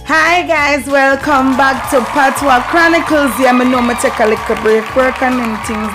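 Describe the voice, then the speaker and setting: A woman's voice: high voice, normal speed, few pauses, loud music behind the voice. A Jamaican woman vlogger teaching patois phrases, playful and repeating words for practice. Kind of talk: lively language lesson.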